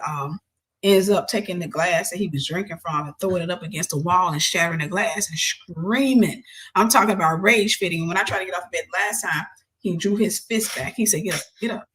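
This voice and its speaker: A woman host telling a personal story in a casual, animated way, switching into other people's voices when she quotes them and sometimes dropping to a soft near-whisper. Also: fairly low pitch.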